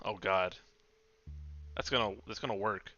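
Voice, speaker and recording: A man's voice: on the low side, unhurried, sharp tone, muffled recording, soft background music. A man hosting a casual gaming rant chat, joking, swearing and stammering through restarts. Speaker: podcast host.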